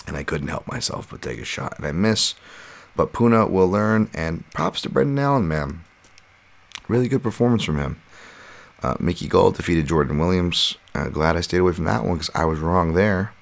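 A man in his thirties with a deep voice and a gravelly edge, ranting through a solo podcast. He talks in a loose, swearing, rambling way, jumping from aside to aside. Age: 30s. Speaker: podcast host and fight analyst. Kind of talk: casual solo podcast commentary.

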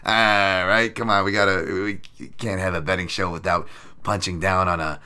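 A man's voice: deep voice, flat delivery, normal speed, pushed and bright, clean tone. A man hosting a betting show, giving sarcastic, profane commentary on upcoming fights. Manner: crude, profane, sarcastic banter. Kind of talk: sports betting podcast commentary.

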